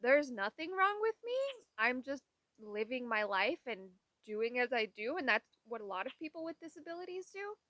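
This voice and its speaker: A woman's voice: fairly high pitch, sing-song, moderate pace, sharp tone, no room sound. A young woman talking casually into the camera, telling candid, exasperated stories and acting out what others said. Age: young adult. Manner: candid, exasperated storytelling with quoted voices. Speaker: vlogger. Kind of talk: casual vlog talk.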